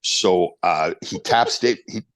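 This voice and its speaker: A man in his sixties, a podcast guest telling animated stories with quick restarts. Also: sits low, no room sound. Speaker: podcast guest, former pro hockey player. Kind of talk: casual storytelling interview.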